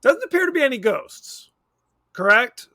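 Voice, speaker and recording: A man's voice: extremely high pitch, sing-song, moderate pace, bright, forceful tone, dry recording. A man co-hosting a podcast, talking about a movie in a rambling, wry way and often correcting himself. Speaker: podcast co-host. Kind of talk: casual movie chat.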